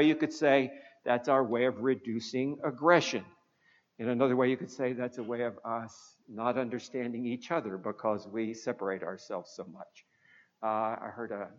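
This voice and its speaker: Male lecturer, mid-pitched, musing and halting delivery; muffled, lo-fi recording in a big echoing hall. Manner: thoughtful, hesitant, frequent "uh" fillers. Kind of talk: informal lecture. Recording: dull lo-fi sound with long hall reverb.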